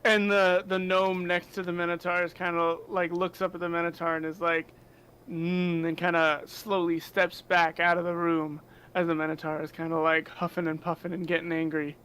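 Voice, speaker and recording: A man's voice: on the high side, monotone, fairly quick, bright, forceful tone, clear, resonant tone, poor audio. A young man narrating as game master in a tabletop game, in a loose, chatty way full of fillers.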